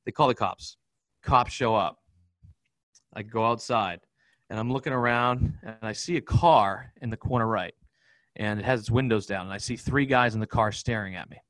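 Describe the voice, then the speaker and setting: A man, a podcast guest, telling a personal story in a rapid, profane, vivid way. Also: lowish voice, fairly bright tone, dry recording, low-quality recording. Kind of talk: candid storytelling in an interview.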